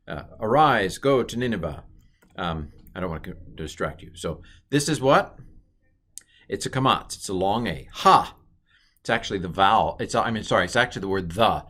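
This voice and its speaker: A middle-aged man teaching an online Hebrew lesson in a playful way, with jokey asides. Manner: playful, jokey asides, lively swings in pitch.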